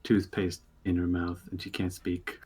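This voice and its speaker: A man narrating a tabletop game as game master, pausing often with fillers and restarting his sentences. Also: low voice, monotone, a little mellow, slightly rough. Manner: halting, lots of filler words and restarts.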